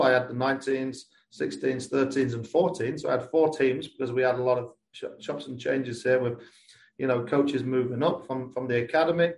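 A man's voice: mid-range voice, echoey room, slight background noise. A man who coaches youth soccer, not American in accent, answering interview questions in an earnest, rambling way with many restarts. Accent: non-American English.

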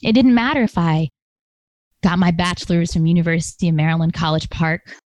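A woman's voice: fairly low pitch, fairly quick, a little mellow, no room sound. A woman telling a personal story to an audience, conversational and emphatic, acting out the voices of the people she quotes. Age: adult with a master's degree.

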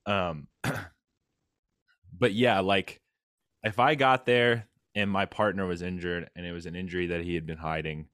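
Very deep-voiced man, dry close sound. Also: moderate pace, dry recording. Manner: animated retelling with quoted voices, filler-heavy. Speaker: podcast host, fellow cyclist. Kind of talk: casual chat.

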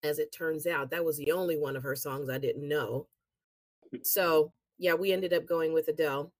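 A woman guest, a singer and actress, telling stories in a casual interview with animated, laughing delivery. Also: deep voice, moderate pace, no room sound. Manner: chatty, animated storytelling with laughs.

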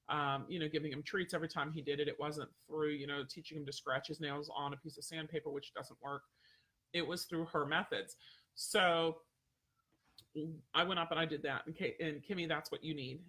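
A man with a fairly high, bright, forceful voice trains dogs and hosts a livestream, chatting casually with viewers. He rambles, uses lots of fillers, and keeps breaking off his own sentences.

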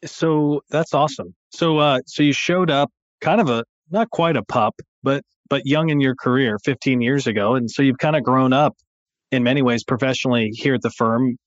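Male host, casual hesitant questions, mid pitch, slightly dull audio. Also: normal speed, no room sound. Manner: relaxed, hesitant with fillers. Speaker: interviewer. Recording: dry, slightly muffled sound.

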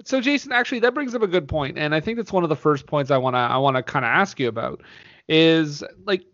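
A man's voice: a little high, expressive, fast, fairly bright tone, no room sound. A man hosting a movie podcast, asking questions in a loose conversational way. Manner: conversational, leads questions, many fillers and restarts. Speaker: podcast host. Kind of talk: casual movie podcast chat. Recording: dull, lo-fi podcast audio.

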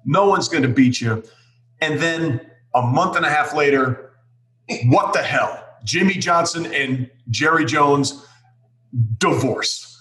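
A man's voice: fairly high pitch, slow, pushed and bright, reverberant. A man hosting a casual interview who leads with questions and recaps facts. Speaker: podcast host.

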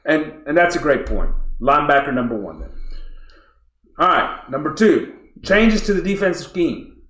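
A man co-hosting a casual sports podcast, talking in an animated, emphatic way and laughing often. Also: on the high side, normal speed, echoey room.

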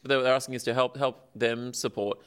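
A man hosting a comedy panel, with a smooth, clear voice. He fills his sentences with ums as he reads out the week's question and a list of supporters. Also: medium pitch, steady tone, a little fast, fairly bright tone. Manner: hesitant, lots of ums, reads out names. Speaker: host.

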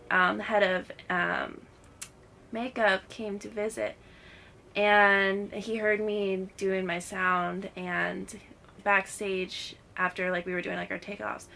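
A woman guest chatting casually on a podcast, telling animated stories and acting out what others said. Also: medium pitch, creaky, a little hiss or hum. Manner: animated storyteller, acts out quotes. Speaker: guest scare actor. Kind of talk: casual chat.

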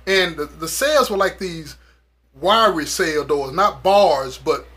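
A man tells a story in a loose, slangy way, acting out what everyone said and laughing along as he goes. His voice sits high and bright for a man. He leans on repeated phrases to drive his points home. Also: takes it slowly. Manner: animated, acts out dialogue, laughs often. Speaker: guest recounting prison experience. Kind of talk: casual storytelling.

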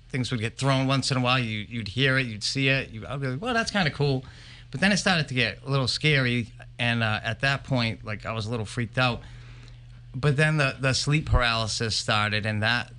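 A man guest on a live podcast interview, recounting his experiences in an animated, emphatic way. His voice is bright and forceful, with middling pitch. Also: fairly quick. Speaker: paranormal investigator guest.

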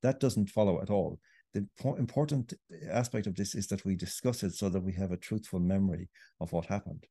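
A man's voice: sits low, brisk, mellow, husky, dry recording, clean studio sound. A middle-aged Irish man, a writer and podcast guest, making a long, earnest argument. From Ireland. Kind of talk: podcast interview.

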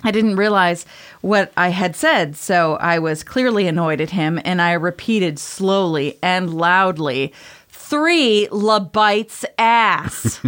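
A woman co-hosting a podcast, telling listener stories in an animated way with frequent laughs. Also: lowish voice, unhurried. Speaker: podcast co-host. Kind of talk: casual chat, storytelling.

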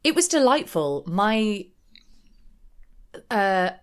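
A young woman co-hosting a podcast in casual chat, talking in an animated, gossipy way with frequent laughs and fillers. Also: mid-range voice, drawn-out words, smooth. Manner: chatty, animated, laughs often, many fillers. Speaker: podcast co-host.

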